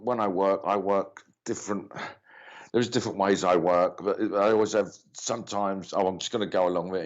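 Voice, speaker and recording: A man's voice: on the low side, a little mellow. A man hosting a live mediumship reading stream, chatting loosely and greeting viewers by name between rambling, filler-filled remarks. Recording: dull lo-fi stream audio.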